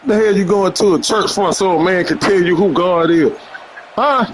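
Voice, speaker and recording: A man's voice: high voice, brisk, background noise. A man gaming and trash-talking his opponent in a brash, mocking way. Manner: brash, mocking, repetitive taunts. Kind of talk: casual trash talk while gaming.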